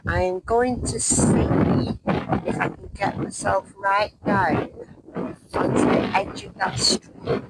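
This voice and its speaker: A woman in her fifties, a solo hiking vlogger, chats to the camera while hiking in the countryside, asking her viewers questions along the way. Her voice is medium-pitched and gravelly. Filmed on a handheld camera as she walks, the rough recording has slight background noise.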